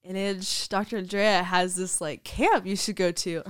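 A woman's voice: mid-range voice, fairly even intonation, unhurried, no echo. A young woman telling her story as a podcast guest, chatty, saying "like" a lot and laughing often. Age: young adult. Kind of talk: casual storytelling interview.

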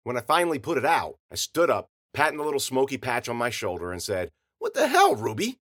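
A man's voice: medium pitch, expressive, fast talker, fairly bright tone. Wry hard-boiled male narrator. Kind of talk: first-person story narration.

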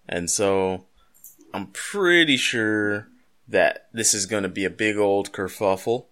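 Low-voiced male co-host, loose and jokey, rambling delivery. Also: normal speed, a bit bright. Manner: joking, rambling, pop-culture asides. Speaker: podcast co-host. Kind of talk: casual chat.

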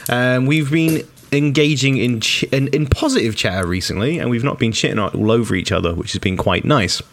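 A man's voice: medium pitch, a little fast, a little hiss or hum. A young man hosting a casual film podcast, talking in an upbeat, jokey way. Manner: upbeat, jokey, lively intros. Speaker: podcast host and producer. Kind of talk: casual chat.

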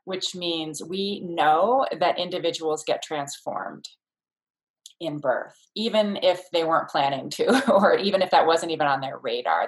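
A woman with a notably low voice speaks as a childbirth educator in a relaxed interview. She explains her ideas thoughtfully and circles back with fillers and restarts as she goes. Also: rough recording. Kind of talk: casual interview conversation.

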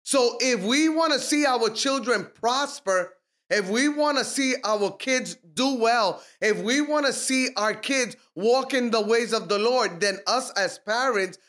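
A middle-aged man with a notably high voice talks in an emphatic, preaching style, quoting scripture as he co-hosts a faith podcast. He leans into each point with conviction. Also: measured pace, fairly bright tone.

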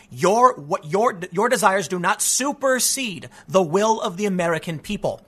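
A man with a high, bright, forceful voice delivering opinionated commentary on the news. He argues emphatically, stumbles into restarts and keeps tossing in "man" as he presses his point. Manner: emphatic, argumentative, repeats "man", frequent restarts. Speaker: political commentator.

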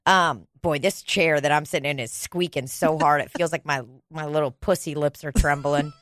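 A woman co-hosting a casual, crude podcast, profane and animated, slipping into squealing put-on voices. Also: deep voice, moderate pace, dry recording, studio quality. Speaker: podcast co-host.

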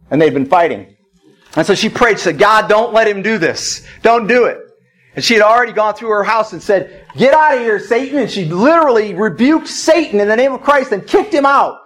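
A male pastor with a fairly high voice preaches a sermon at a church service. He talks in an emphatic storytelling style, often climbing to forceful declarations.

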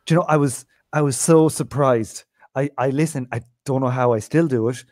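A man's voice: mid-range voice, brisk, a little mellow, no echo. Irish guy on a podcast, swears a lot, chatty storyteller, dead dry mic. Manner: profane anecdotal storyteller. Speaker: podcast co-host. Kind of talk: casual chat.

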